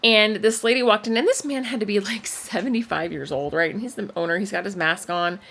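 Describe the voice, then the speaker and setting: A woman co-hosting a parenting podcast, telling a story in an animated, casual way. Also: fairly quick, gravelly. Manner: animated storyteller with frequent pitch swings. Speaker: podcast co-host. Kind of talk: casual chat.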